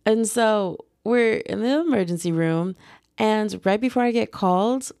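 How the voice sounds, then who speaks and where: A young woman vlogger telling a personal story in a chatty, animated way, full of "like"s. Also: medium pitch, measured pace, no echo, clean studio sound. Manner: chatty, animated retelling with many "like"s. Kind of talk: casual storytime.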